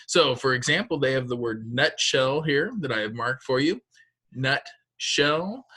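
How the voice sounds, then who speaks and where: A man's voice: medium pitch, pushed and bright. A man teaching a phonics lesson to second graders, giving patient, step-by-step instructions.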